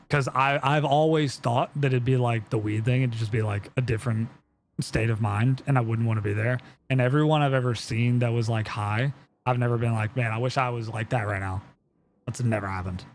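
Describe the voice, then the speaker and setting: A man's voice: mid-range voice, slight background noise. A young man chatting casually on a live stream, telling a story in a rambling way with lots of fillers and swearing.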